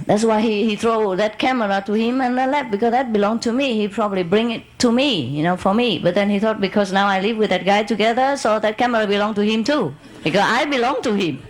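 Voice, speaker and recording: A woman's voice: on the high side, low-quality recording. Woman telling a rambling personal story. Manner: animated anecdote with laughs and acted quotes, broken English grammar. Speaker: spiritual teacher. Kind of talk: storytelling talk to an audience.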